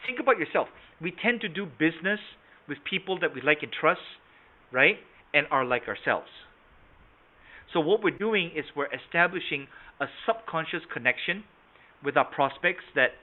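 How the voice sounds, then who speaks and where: A man's voice: on the high side, lively intonation, moderate pace. Man, sales trainer, online class, checks in with "right?" and "okay?", tinny call audio. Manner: interactive, quizzes participants by name with frequent "right?" and "okay?"; shifts volume and tone to demonstrate matching, from soft to strong. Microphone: video call.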